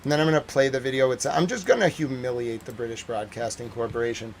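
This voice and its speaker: A man reporting on a war from a livestream, ranting in exasperation and then reading a measured formal report. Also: medium pitch, creaky, a little hiss or hum. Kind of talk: livestream news commentary.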